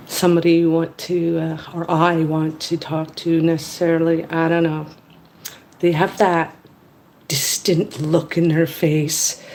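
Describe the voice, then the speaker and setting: A vlogger in her fifties tells a story in a casual monologue, blunt and candid, with a fairly low voice. She acts out both sides of the conversation in lively quoted voices.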